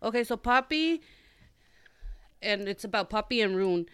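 A woman's voice: medium pitch, expressive, normal speed, smooth, no room sound. A young woman hosting a podcast, chatting casually about a book with lots of fillers and restarts. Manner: rambling, many fillers and restarts. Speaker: podcast host. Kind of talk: casual chat.

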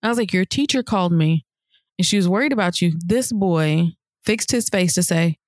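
A woman in her thirties co-hosting a podcast, telling a story casually and acting out the people she quotes in higher voices. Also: animated, normal speed, no echo, clean studio sound. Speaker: podcast co-host.

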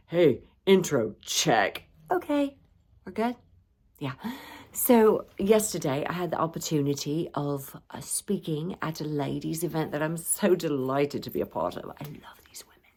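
A woman hosting her own podcast in a casual solo chat, playful and self-teasing, with bursts of animated emphasis. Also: low voice. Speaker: podcast host.

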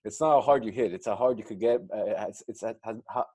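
A man's voice: fairly low pitch, brisk, a little mellow, husky. Earnest man giving motivational talk. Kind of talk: casual podcast chat.

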